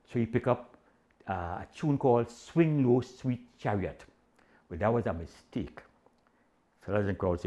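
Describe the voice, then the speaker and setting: An older Trinidadian man spins a comic yarn in rich island dialect. His pitch leaps and dips all over as he acts out each character. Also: moderate pace. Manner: animated Caribbean-dialect storytelling with voiced quotes. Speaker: storyteller. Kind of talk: comic storytelling.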